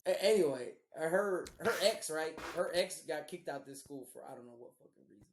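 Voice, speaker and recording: Young male co-host, lively swearing storyteller who laughs a lot; roomy echo on the voice. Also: fairly high pitch, normal speed, slight background noise. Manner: animated, profane, laughs often, slangy. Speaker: podcast co-host. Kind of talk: casual storytelling chat.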